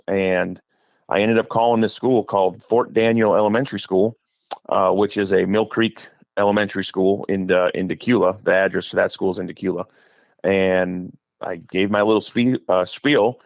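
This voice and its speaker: A middle-aged man with an Upper Midwest accent, talking low and gravelly as he spins a chatty, rambling story. His voice sits fairly deep and close to the mic in a dry, dead room. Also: no echo. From Wisconsin. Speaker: guest, high school head football coach. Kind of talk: casual podcast storytelling.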